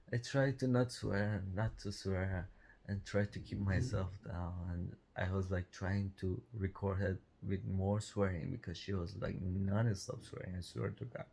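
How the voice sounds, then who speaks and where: A man recounts a run-in in an unhurried, casual way, often chuckling as he goes. His voice is low and mellow, and his English is loose, with non-native grammar. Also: fairly even intonation, creaky. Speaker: vlogger. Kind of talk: casual storytelling.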